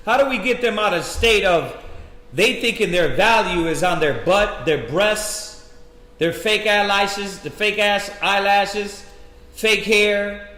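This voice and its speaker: A man preaching and teaching a scripture class in an animated, preachy way. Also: high-pitched, takes it slowly. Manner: animated, preachy, acts out quotes. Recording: echoey hall.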